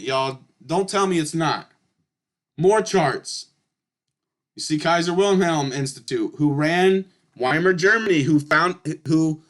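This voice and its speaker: High-voiced man, blunt, emphatic commentary. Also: fairly bright tone. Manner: emphatic and blunt, swears, keeps addressing viewers as y'all. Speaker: channel host. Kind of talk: casual commentary reading through historical charts.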